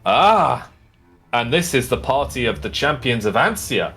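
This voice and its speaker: A man's voice: mid-range voice, very animated, a little slow, a bit bright, husky, faint music behind, heavily acted. A man voicing a proud, boastful bearded dwarf heir who declaims grandly.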